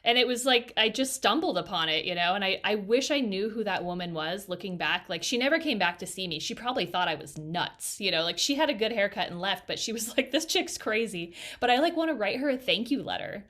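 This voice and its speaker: A woman hairstylist chats on a podcast over a video call. She is a lively storyteller, pitched in a middle range, and she slips into the voices of the people she quotes. Her delivery is loose and conversational. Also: fast talker, few pauses.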